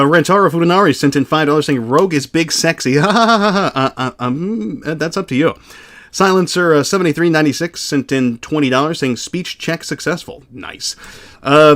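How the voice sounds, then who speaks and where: Blunt, profane male streamer. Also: fairly high pitch. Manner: blunt, profane, laid-back reading. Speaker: streamer reading donations. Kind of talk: casual livestream chat.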